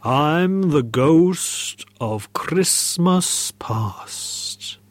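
Ghost of Christmas Past, a man doing a slow spirit. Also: on the high side, animated, no room sound. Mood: solemn. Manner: slow, drawn-out, portentous.

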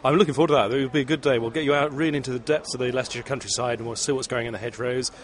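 A man pitching his food products at a stall, enthusiastic and persuasive. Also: steady tone, very fast.

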